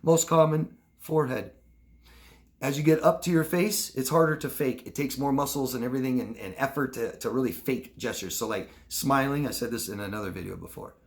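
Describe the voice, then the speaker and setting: A man gives a coaching lesson straight to camera. He talks casually, in an everyday voice, and keeps breaking into quick acted-out examples to make his points. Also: medium pitch. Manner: conversational, acts out short demonstrations of lying and truth-telling. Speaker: relationship coach. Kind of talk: instructional talk to camera.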